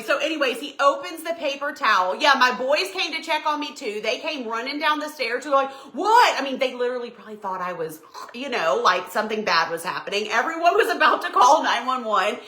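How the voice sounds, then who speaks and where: Lady rambling thru a craft livestream, kinda high and bright, animated. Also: fairly quick, reverberant. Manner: animated, folksy, bursts into shrieks and laughter when retelling. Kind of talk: chatty storytelling during a live craft stream.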